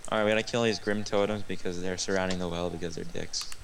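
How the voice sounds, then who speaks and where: A man's voice: deep voice, steady tone, fast talker, creaky, a crowd in the background. Crude joking young gamer guy. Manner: crude, joking, swears a lot. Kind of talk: casual co-op let's play banter.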